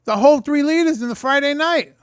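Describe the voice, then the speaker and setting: A man's voice: very high-pitched, fairly quick, dry recording, clean studio sound. A man vlogging unscripted about his sobriety, talking bluntly and profanely in an emphatic rant. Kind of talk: unscripted ranting monologue.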